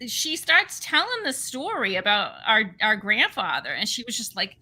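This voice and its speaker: Woman, high and bright, animated podcast storyteller who laughs a lot. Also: normal speed, poor audio. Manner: animated, laughing storyteller doing loud impressions. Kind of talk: casual podcast chat.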